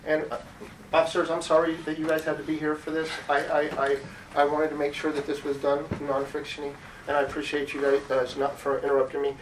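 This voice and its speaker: A man's voice: fairly high pitch, completely flat delivery, quick pace, distant mic, slight background noise. A man giving public comment at a city meeting, rambling and repeating words as he restarts his sentences. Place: council chamber. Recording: echoey chamber heard from off-mic.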